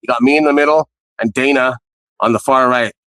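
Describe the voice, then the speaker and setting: A man's voice: mid-range voice, fairly even intonation, a little fast, a bit bright, no room sound, poor audio. Earnest man, dry close sound. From Canada. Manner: earnest, rambling anecdotes with fillers. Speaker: storyteller guest. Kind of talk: casual first-person storytelling.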